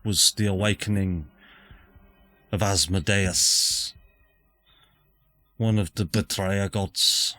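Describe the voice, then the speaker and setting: A man's voice: low-pitched, fairly even intonation, slow pace, pauses often, pushed and bright, no echo. A man narrating as game master of a tabletop game, chatty and casual. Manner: casual, chatty, self-correcting.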